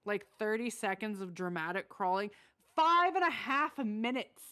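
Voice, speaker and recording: A woman streamer in casual chat, excitable and full of swearing, shrieking when exasperated. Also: on the high side, normal speed.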